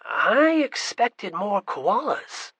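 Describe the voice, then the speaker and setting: A man's voice: high voice, big pitch swings, drawn-out words, a bit bright, slightly rough, dry recording, pitched above the performer's own voice, heavily acted. A man voicing a joking teenage boy who puts on a mock Australian accent.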